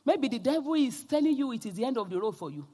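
Woman, preacher, sermon testimony, impassioned, animated pitch, long hall reverb. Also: quick pace, slightly rough. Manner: impassioned, rising to loud exhortations.

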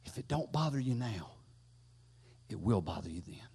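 A middle-aged man preaching a sermon as pastor, swelling loud and high, then dropping low. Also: expressive, normal speed, creaky, slightly rough. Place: church sanctuary. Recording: long echo from a big hall.

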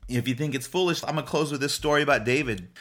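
A man's voice: mid-range voice, fast talker, a bit bright. A man preaching a sermon with emphatic, urgent delivery, often restarting and repeating phrases. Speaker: pastor.

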